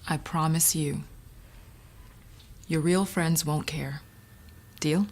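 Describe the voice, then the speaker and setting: A gentle, earnest mother. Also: deep voice, fairly even intonation, takes it slowly, slight background noise. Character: worried mother talking to her young daughter. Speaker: mother in a public service ad. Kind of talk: scripted ad acting.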